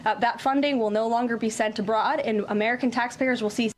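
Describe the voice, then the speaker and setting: Woman press secretary, higher voice, formal briefing, faint noise behind. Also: fairly even intonation, fairly quick. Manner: crisp, scripted, official.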